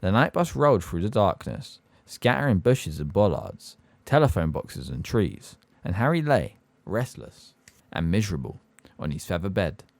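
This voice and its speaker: A man narrates an audiobook in a steady storytelling delivery. His voice is low, with a lively, varied pitch, and the recording is dry and close. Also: moderate pace, vocal fry, dry recording.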